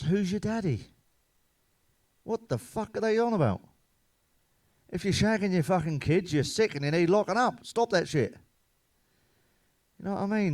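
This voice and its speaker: A man telling crude stand-up jokes in a blunt, heavily sweary manner with deadpan punchlines. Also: fairly high pitch, no echo. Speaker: comedian.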